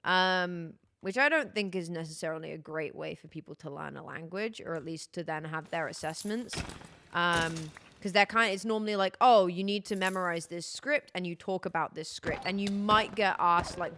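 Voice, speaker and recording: A woman's voice: on the low side, normal speed, a bit bright, a little hiss or hum. A young British woman streaming a game, chatting casually in a rambling, self-correcting way. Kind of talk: casual chat while gaming.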